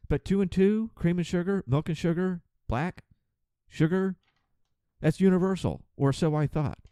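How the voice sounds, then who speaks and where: Exasperated ranting man, mellow voice. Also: high voice, clear, resonant tone, no room sound, clean studio sound. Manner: exasperated, sarcastic, profane; acts out passengers in quick put-on voices. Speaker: podcast host, flight attendant. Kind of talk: ranting monologue.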